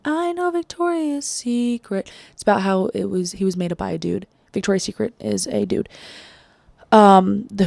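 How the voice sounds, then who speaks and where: A woman's voice: medium pitch, dry recording, clean studio sound. Candid young woman podcaster, swearing freely. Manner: casual, swears freely, animated and confessional. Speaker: podcast host. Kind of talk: candid solo podcast monologue.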